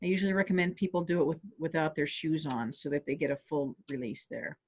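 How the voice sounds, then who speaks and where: A woman calmly guiding listeners step by step through a stress relief tapping exercise on a video call. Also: sits low, quick pace, slightly rough. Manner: calm step-by-step coaching. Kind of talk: guided tapping exercise instruction. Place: home office on a webinar.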